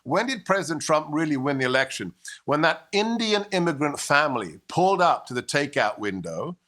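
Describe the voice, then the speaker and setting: A middle-aged immigrant to the United States appears as a guest commentator, his voice forceful, bright and ringing, a little high, very animated and fairly quick. He hammers home each point with emphatic rhetoric, drifting into stories and doing impressions along the way.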